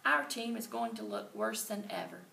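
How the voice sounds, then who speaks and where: A woman's voice: a little high, wildly swooping pitch, normal speed, creaky, sharp tone, slight background noise, exaggerated voice. A woman voicing a boastful kindergarten boy who scoffs at a classmate. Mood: scoffing. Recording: roomy and distant.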